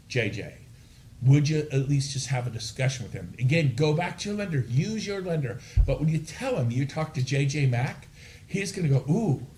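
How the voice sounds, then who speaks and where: A man's voice: medium pitch, a little hiss or hum. A man giving a live real estate training talk to a room of agents, telling stories with a lot of energy. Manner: energetic, animated storytelling.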